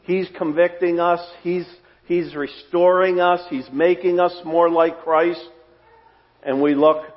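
A man preaching a sermon as pastor, earnest and repeating phrases for emphasis, his voice trailing off softly at the ends of phrases. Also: high voice, little pitch movement, slow pace. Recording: dull sound with long hall reverb.

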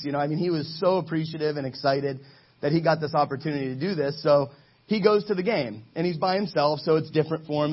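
A man's voice: a little high, husky, lo-fi sound. A man giving a casual, joking sermon to a live group, telling stories in a chatty way.

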